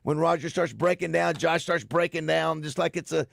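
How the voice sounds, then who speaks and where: A man hosting a casual radio show, halting and repeating words as he talks. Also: a little high, fairly even intonation, vocal fry, fairly bright tone, no room sound, studio quality. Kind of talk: casual sports radio banter. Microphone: studio microphone.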